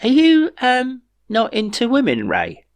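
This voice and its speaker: A man's voice: very high voice, huge pitch swings, a little slow, pitched above the performer's own voice, heavily acted. A man voicing a cheeky, optimistic man who talks in an upbeat, teasing way in a storybook reading.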